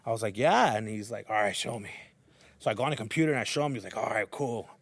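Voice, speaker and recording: Animated man telling a story, bro talk. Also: lowish voice, fast talker, dry recording. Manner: animated, acts out quotes, says bro a lot. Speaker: podcast host. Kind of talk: storytelling in casual chat.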